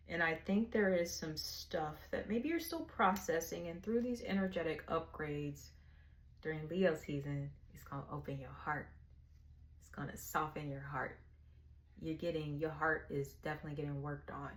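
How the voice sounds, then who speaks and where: A woman's voice: low-pitched, moderate pace. A woman giving a casual tarot reading in a frank, slangy way, laughing often. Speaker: tarot reader.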